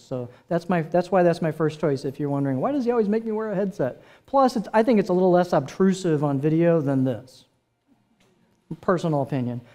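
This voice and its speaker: Man teaching a live microphone workshop. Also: on the high side. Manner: relaxed, conversational, asks the audience questions. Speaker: presenter teaching microphone technique. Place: presentation room with a sound system. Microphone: handheld and headset microphones, switched during demo.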